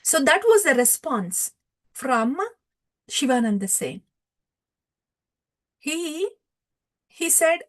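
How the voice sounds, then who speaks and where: A woman giving a devotional lecture, retelling a scripture story with many pauses and fillers. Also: high voice, big pitch swings. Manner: hesitant, many fillers, warm laughs. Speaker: devotional speaker.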